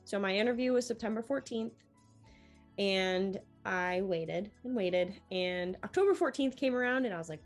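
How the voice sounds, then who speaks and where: A young woman, a newly accepted medical student, tells her story in an interview in an animated way, acting out the dialogue she quotes. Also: mid-range voice, moderate pace, faint music behind.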